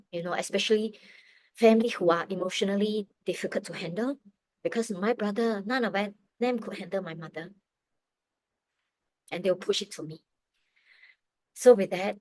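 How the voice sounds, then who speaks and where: Middle-aged woman telling her faith story; earnest, halting, close and dry. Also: fairly low pitch, dry recording, poor audio. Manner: earnest, emotional, halting with restarts. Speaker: testimony speaker. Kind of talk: personal faith testimony.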